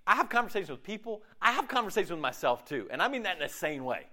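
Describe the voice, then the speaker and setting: A pastor with a high-pitched, rapid-fire voice preaches conversationally and with animation. He keeps checking in with listeners by asking "okay?" and acts out his own inner dialogue in shifting voices.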